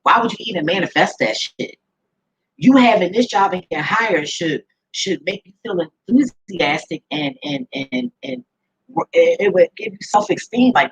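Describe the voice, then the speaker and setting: A woman's voice: mid-range voice, sing-song, moderate pace, gravelly, low-quality recording. A woman ranting to camera in a blunt, profane way, often laughing as she talks. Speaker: vlogger. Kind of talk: casual ranting monologue to camera.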